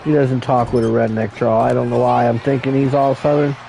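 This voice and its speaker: A man's voice: mid-range voice, flat delivery, brisk, vocal fry, mellow, a little hiss or hum, rough recording. A man calling an amateur wrestling show as commentator, crude and joking, rambling and calling people brother. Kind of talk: profane play-by-play commentary.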